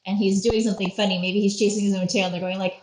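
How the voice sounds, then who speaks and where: A woman's voice: mid-range voice, flat delivery, very fast, echoey room, noisy background. A woman leading a playful art lesson for children, acting out faces and little voices as she goes. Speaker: museum educator.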